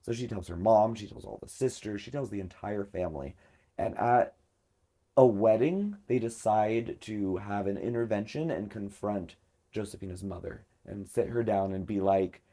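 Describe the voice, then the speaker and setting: A man's voice: lowish voice, measured pace, mellow. A man hosting a podcast, telling a story in casual chat and filling it with lots of filler words. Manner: chatty, many filler words. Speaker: podcast host.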